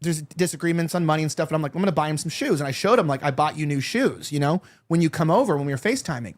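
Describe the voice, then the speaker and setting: A man's voice: fairly high pitch, animated, very fast. A man in his thirties hosting a talk show, chatting candidly and rambling with lots of fillers and restarts. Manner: candid, confiding tone. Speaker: show host. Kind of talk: casual chat.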